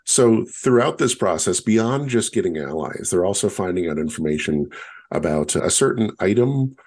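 A man co-hosting a podcast, explaining a story in a measured, storytelling way in casual conversation. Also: low-pitched, expressive, darkish tone. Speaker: podcast co-host.

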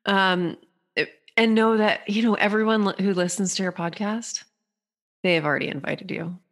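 Bright, animated woman explaining playfully. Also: medium pitch, moderate pace. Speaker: podcast guest, human design guide. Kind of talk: casual explanatory chat.

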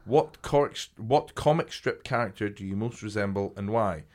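A man's voice: fairly low pitch, moderate pace, a little mellow. A British man co-hosting a comedy podcast, casual and dry, throwing in joking asides. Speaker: podcast co-host.

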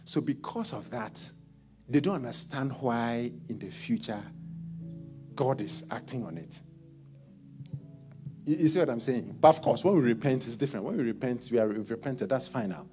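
A man delivering a sermon, talking informally and often doubling back on his words. His mid-pitched voice rises and falls a great deal. Faint music can be heard behind him. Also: normal speed, pauses often. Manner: animated, repeats words while thinking aloud. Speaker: pastor.

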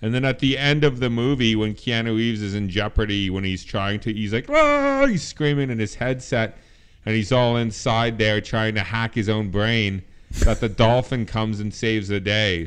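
A man's voice: fairly low pitch, steady tone, normal speed, clear, resonant tone. A man chatting casually about movies, easygoing as he retells an article and a plot.

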